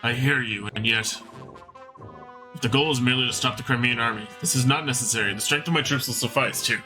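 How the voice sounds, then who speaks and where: A man voicing a solemn, loyal commander from a fantasy game, grave and measured. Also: mid-range voice, over music, close to an everyday voice, low-quality recording.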